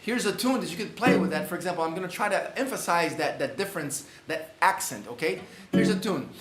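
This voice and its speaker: A man's voice: high-pitched, expressive, a little fast, reverberant, slight background noise. A man with a Brazilian accent teaching a live online guitar masterclass, explaining rhythm and singing syllables to demonstrate. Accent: Brazilian Portuguese.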